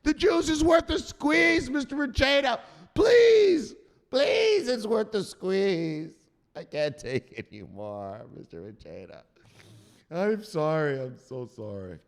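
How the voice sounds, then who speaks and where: A man's voice: high-pitched, animated, a little fast, creaky, hardly any pauses, a little mellow, big-room sound, pitched above the performer's own voice, full character voice. A man voicing a timid male investor who stammers and pleads with his bully. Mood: pleading. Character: timid male crypto holder, frightened and pleading.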